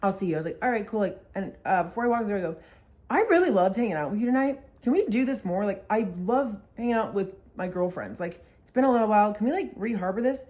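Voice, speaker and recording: A woman's voice: mid-range voice, quick pace, hardly any pauses, a little mellow. A young woman vlogger telling a story casually, swearing a lot and acting out the quotes.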